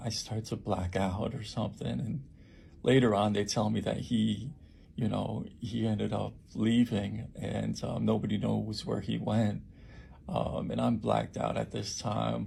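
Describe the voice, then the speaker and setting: A man who works at a homeless shelter recounts an attack in a halting personal account, with many fillers and restarts. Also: fairly low pitch, vocal fry, warm tone, breathy edge.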